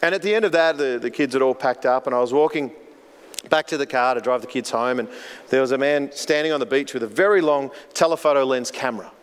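A man's voice: mid-range voice, fast talker, clear, resonant tone. A man preaching a sermon as pastor, earnest and storytelling, often repeating words as he goes. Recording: long hall reverb.

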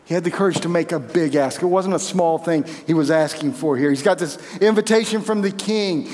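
A man preaching with a high, earnest voice. He swings from emphatic peaks to quiet intensity. The sound carries a long hall reverb. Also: a little fast. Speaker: pastor. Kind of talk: sermon.

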